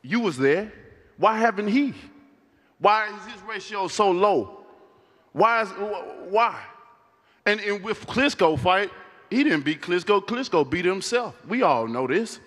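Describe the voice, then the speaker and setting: A man's voice: sits high, expressive, measured pace, fairly bright tone, in a large hall. A man from the United States, a boxer firing back defiantly at a press conference. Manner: defiant, repetitive. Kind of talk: press conference trash talk.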